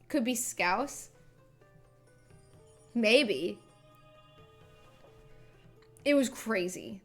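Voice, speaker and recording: A woman streamer with a high, bright voice talks casually into her mic, rambling through a story. She corrects herself often and keeps her delivery animated, with faint music behind her. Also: drawn-out words, long pauses. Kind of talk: casual livestream chat.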